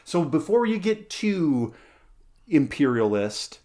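A man's voice: on the high side, very animated, slow, dark tone. A man hosting a casual podcast chat, playful and rambling, with lots of fillers, self-corrections and side tangents. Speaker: podcast host.

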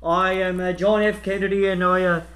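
A man's voice: high-pitched, little pitch movement, normal speed, fairly bright tone. A man doing a clumsy impression of a president giving a speech. He hesitates and slips back into his own voice. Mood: mock solemn.

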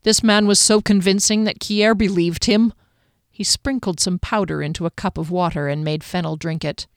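Smooth-voiced woman narrating fantasy. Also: on the low side, fairly even intonation, normal speed, dry recording, clean studio sound. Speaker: audiobook narrator.

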